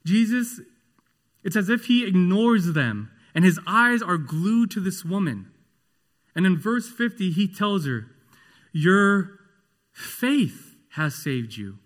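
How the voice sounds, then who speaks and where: A man preaching a sermon in a slow, earnest and emphatic way. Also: sits high, lively intonation.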